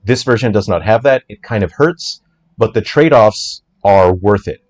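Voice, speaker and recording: Chatty, lower-voiced male game developer. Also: lively intonation. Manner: chatty and joking, with quick asides. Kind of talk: casual livestream coding walkthrough.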